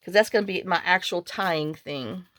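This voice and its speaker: A woman with a fairly low, slightly bright voice talks at a normal pace, with no room sound. She's a vlogger chatting casually while making a journal, rambling through stories and muttering to herself as she crafts.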